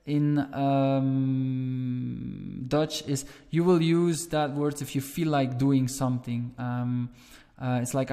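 A man from Flanders with a Flemish accent, teaching a language lesson in a relaxed, explanatory way with frequent fillers. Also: mid-range voice, slow pace, long reverb tail. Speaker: Dutch teacher.

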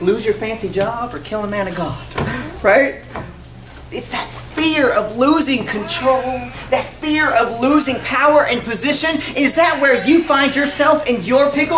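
A woman preacher with a fairly high voice, pressing her listeners with repeated rhetorical questions. She sounds far off in an echoey hall, with steady noise behind her. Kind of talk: sermon.

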